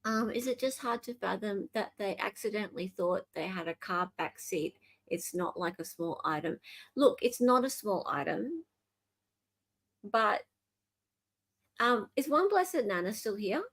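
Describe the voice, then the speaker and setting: A woman's voice: medium pitch, expressive, unhurried. A woman with an Australian accent hosting a live stream, chatting playfully with her viewers. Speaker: livestream host. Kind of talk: casual live commentary.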